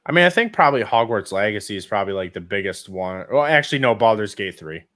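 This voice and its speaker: Lowish guy rambling about old games, lots of ums and cussing. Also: expressive, quick pace, fairly bright tone. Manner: rambling, many fillers and swearing. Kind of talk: casual gaming chat.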